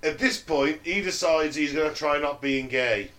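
A man, a podcast co-host, telling a dark story in a sweary, joking way to friends. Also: on the high side, moderate pace, distant mic, poor audio. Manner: sweary, jokey, laughs mid-story.

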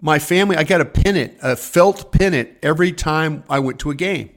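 Older male co-host, chatty storyteller, home office video call, a touch high-pitched. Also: a little fast. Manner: rambling, acts out quotes in voices. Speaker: former scout, co-host. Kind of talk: casual storytelling chat.

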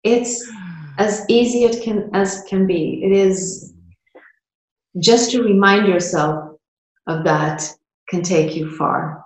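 A middle-aged woman speaking gently and reflectively as an interview guest, at times guiding a slow meditation. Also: medium pitch. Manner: calm, gentle, slow-spoken. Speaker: guest, spiritual writer and speaker. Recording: roomy echo.

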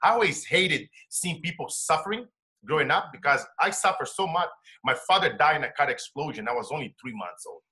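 Man, interview guest, bright, slightly high voice, expressive storyteller swinging between soft and loud. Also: a little fast. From Brazil. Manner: animated, shifts between hushed and loud laughing bursts. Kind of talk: emotional storytelling in conversation.

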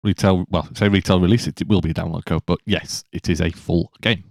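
A man's voice: deep voice, steady tone, brisk, gravelly, a little mellow, no room sound. A man co-hosting a casual podcast chat, explaining things in a chatty way. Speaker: podcast co-host.

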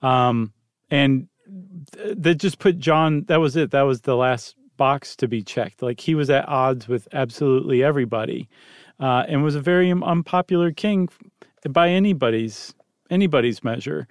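A man's voice: medium pitch, moderate pace, no echo. A man co-hosting a podcast, talking casually through history with many ums and dry jokes. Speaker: podcast co-host.

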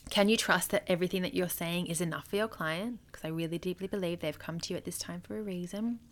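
A woman hosting her own coaching podcast, speaking earnestly and loosely, with lots of "like" and gentle encouraging advice. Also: lowish voice, fast. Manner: earnest, loose and conversational with frequent "like". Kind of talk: solo podcast talk.

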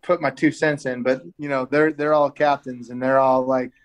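A man's voice: mid-range voice, normal speed, clean tone. A middle-aged man, the host of a competition show, telling stories casually as a guest and acting out what people said. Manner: animated, swears casually, quotes people. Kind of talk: casual storytelling.

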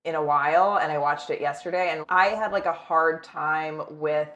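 A woman's voice: deep voice, fairly even intonation, normal speed, fairly bright tone, lo-fi sound. A woman co-hosting a casual film chat, candid and blunt, swearing casually. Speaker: podcast co-host. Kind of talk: casual chat about films.

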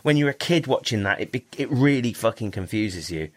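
A man chatting as a podcast guest, his voice sitting at an ordinary middle pitch. He tells stories freely, stumbling over his words, restarting sentences and dropping casual swearing. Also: lively intonation, a little fast. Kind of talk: casual interview chat.

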